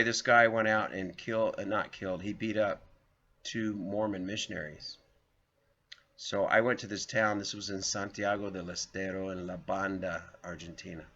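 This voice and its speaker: A man's voice: lowish voice, bright, forceful tone. A man, reading an article aloud and drifting into rambling personal stories, chuckling often. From Southern United States. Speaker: video host. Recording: dull lo-fi recording.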